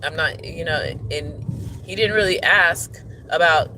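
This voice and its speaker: A man's voice: fairly high pitch, measured pace, poor audio. A man who is a teacher, talking earnestly and candidly in a personal vlog, often checking in with "okay?". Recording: loud vehicle noise behind.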